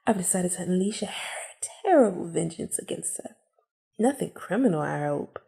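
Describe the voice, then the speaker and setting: A woman's voice: lowish voice, animated, normal speed, vocal fry, warm tone. A woman reading aloud a scheming, vengeful young woman from a cafe game, in a theatrical, gleeful manner.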